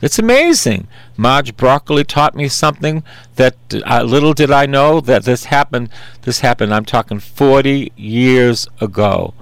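A man's voice: mid-range voice, fairly even intonation, measured pace, smooth, dry recording. A man in his sixties preaching a sermon in an earnest, conversational way, repeating simple refrains.

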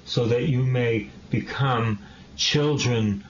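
Slow-preaching man, dull lo-fi sound. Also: medium pitch, a little hiss or hum. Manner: repetitive, impassioned exhortation with rhetorical questions. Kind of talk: sermon. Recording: dull lo-fi recording.

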